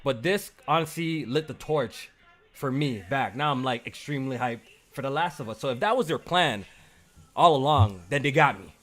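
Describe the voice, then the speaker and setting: A man's voice: medium pitch, lively intonation, moderate pace, a bit bright. A man hosting a casual gaming podcast, reading out viewer comments in a laid-back way. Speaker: podcast host. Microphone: low mic level.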